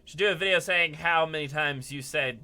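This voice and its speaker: Brief: upbeat guy streamer, bright and a touch high, chatting through gameplay. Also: a little fast. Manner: chatty, upbeat, laughs often, talks to chat. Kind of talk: live gameplay commentary.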